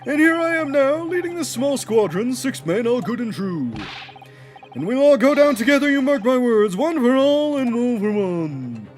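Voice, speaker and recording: A man's voice: extremely high pitch, big pitch swings, moderate pace, voice pushed up. A man doing a blustering old army foreman. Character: pompous retired old army officer, jury foreman.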